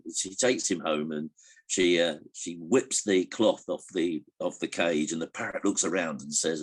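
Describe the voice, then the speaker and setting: A man's voice: low-pitched, moderate pace, breathy edge. An older man telling anecdotes in an interview, hesitant with many restarts, chuckling as he tells jokes. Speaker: interviewee recalling a comedian. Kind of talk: relaxed anecdotal interview answers.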